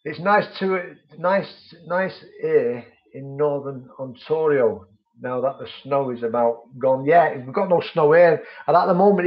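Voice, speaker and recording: A man's voice: on the high side, highs cut off. A man hosts a vaping channel live stream, chatting with viewers and reading their comments out in a friendly way.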